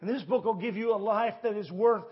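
High-voiced preacher, husky tone. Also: male voice, fairly quick, highs cut off. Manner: storytelling, folksy, with quoted voices. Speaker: pastor. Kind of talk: sermon. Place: church sanctuary.

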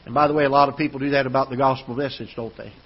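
A man's voice: medium pitch, steady tone, rapid-fire, breathy edge, dull audio. A man preaching a sermon as pastor, telling a story that builds into emphatic preaching. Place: church auditorium.

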